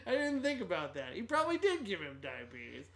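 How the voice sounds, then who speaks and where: A man's voice: sits high, huge pitch swings, a little fast, vocal fry, pushed and bright. A man co-hosting a film podcast, making dry sarcastic quips in casual chat. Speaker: podcast co-host.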